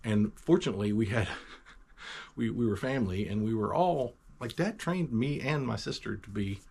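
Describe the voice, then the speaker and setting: A man's voice: lowish voice, moderate pace, creaky, darkish tone, breathy edge. A man telling a personal Christian testimony story in a rambling, emphatic way, with many restarts and asides.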